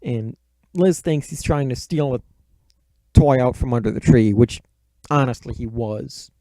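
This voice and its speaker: A man's voice: medium pitch, a little slow, mellow, no room sound. A man casually recapping a movie plot in a rambling, profane, offhand way. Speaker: movie reviewer.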